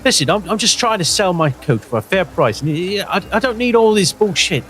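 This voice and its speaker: Cowok main jadi cewek blak-blakan gampang kesel, nadanya naik tinggi banget, ngomongnya ketus. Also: male voice, high voice, sing-song, brisk, a bit bright, soft background music, voice pushed up. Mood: irritated. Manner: blunt, cursing, impatient. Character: brash coarse woman fed up with haggling.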